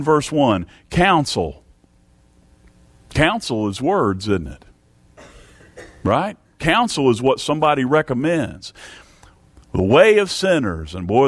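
A man's voice: mid-range voice, sing-song, slow pace, dry recording. A man preaching a sermon, emphatic and repetitive, reading Bible verses aloud.

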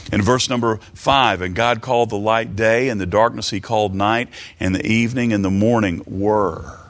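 A man teaching from the Bible in a sermon, halting and repeating words, slowing down for emphatic quotes of scripture. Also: on the low side, steady tone. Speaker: preacher.

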